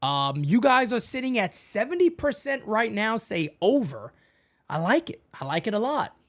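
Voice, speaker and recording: Speaking at an ordinary pace in a fairly high voice, a woman hosts a laid-back sports live stream for her fan channel from her home setup. She's bubbly and talkative, and "man" and "folks" keep popping up as she addresses viewers.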